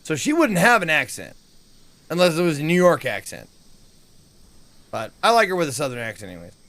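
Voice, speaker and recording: A man's voice: fairly high pitch, sing-song, a little fast, a bit bright, dry recording. A man giving casual, joking commentary while playing a game, chatting and laughing often. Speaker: let's play gamer.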